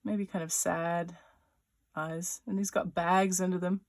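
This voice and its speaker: Fairly low-pitched and darkish in tone, with fairly even intonation, this woman is a writer-illustrator running a drawing lesson. She talks while she draws, chatty and playful, with small sound effects, pauses, and restarts as she thinks aloud.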